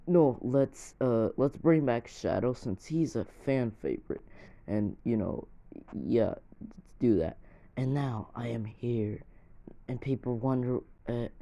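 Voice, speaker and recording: Woman doing a brooding hedgehog antihero, very deep, gravelly, halting. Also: dark tone, exaggerated voice. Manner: halting, rambling.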